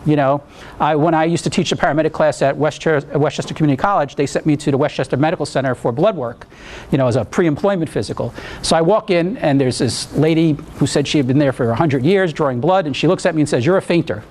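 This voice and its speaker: A man's voice: on the high side, fast talker, darkish tone, slight background noise. A man from New teaching an EMT class, explaining in a conversational way, telling anecdotes and asking the room questions. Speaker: EMT instructor. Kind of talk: classroom lecture.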